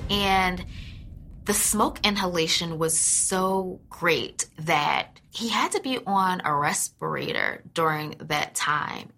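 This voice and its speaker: A woman retells events in interview with vivid emphasis. Her voice is lowish but bright, and her pitch swings a lot. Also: creaky. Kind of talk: interview commentary.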